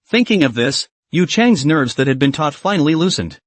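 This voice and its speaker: A man's voice: fairly high pitch, big pitch swings, moderate pace, few pauses, no echo. A man narrating a comic story recap in a dramatic storytelling manner.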